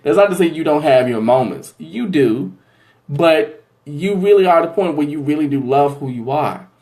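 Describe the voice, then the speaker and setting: A man's voice: fairly high pitch, animated, normal speed, a little mellow. A man reads tarot on a live stream. He talks in an effusive, chatty way and keeps calling his viewers honey and y'all. He thanks them again and again between readings. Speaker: psychic tarot reader hosting a live stream. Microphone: livestream from a phone or webcam.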